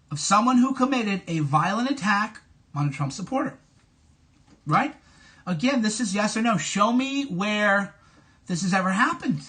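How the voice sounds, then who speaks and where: A man's voice: high voice, pushed and bright. A man hosting a live stream, ranting combatively at commenters, swearing and repeating his questions insistently. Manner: mocks others in a whiny put-on voice. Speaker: livestream host.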